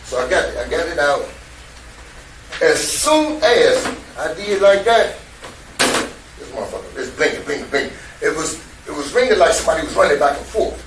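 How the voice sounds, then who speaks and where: A man's voice: a little high, very animated, normal speed. A man, retelling events to detectives in a profane, streetwise, repetitive way. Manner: profane, streetwise, repeats himself. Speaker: interviewee recounting events to detectives. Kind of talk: emotional casual retelling. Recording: echoey room from a distance, faint noise.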